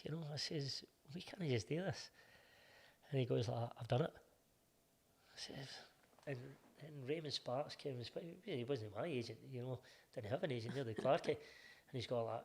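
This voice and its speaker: A man's voice: mid-range voice, husky. A middle-aged Scottish man, a football coach, casually telling stories as an interview guest and acting out old conversations. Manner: animated anecdotes, acting out past conversations in reported speech. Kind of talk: casual storytelling.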